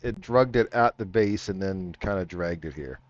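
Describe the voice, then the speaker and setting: A man running a tabletop game as game master, talking in a relaxed, halting way with many fillers. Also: low-pitched, no echo. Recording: dull dry lo-fi audio.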